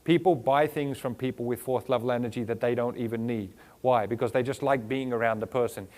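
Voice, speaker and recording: A man's voice: medium pitch, steady tone, brisk, darkish tone. A man with a foreign accent giving a motivational keynote to a live audience, firing off rhetorical questions and lists of words, with playful teasing. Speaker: motivational speaker. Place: stage before a live audience.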